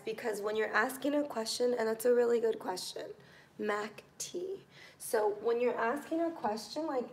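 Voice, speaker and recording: A woman teaching a live online English grammar class, patient and encouraging, pausing to think while she writes examples. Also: a little high, a little hiss or hum.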